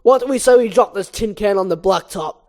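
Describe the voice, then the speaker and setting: A woman voicing a gruff male bee squad leader, loud and commanding as he rallies the troops. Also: medium pitch, a little fast, lightly acted.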